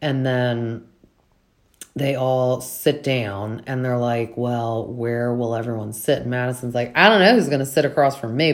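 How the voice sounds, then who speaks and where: A young woman with a notably deep voice for a woman, talking casually through a reality TV recap. She fills her talk with "like" and slips into quick impressions of what others said. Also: a little mellow. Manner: chatty, fillers, acts out quotes from the cast. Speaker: podcast host recapping reality TV.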